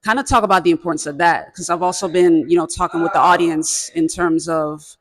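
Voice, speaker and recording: A man hosts an interview in a slightly high voice. He stays calm and explains ideas to the audience in an even way. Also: fairly quick. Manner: calm, explains concepts to the audience between brief affirmations. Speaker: podcast host. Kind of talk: casual interview.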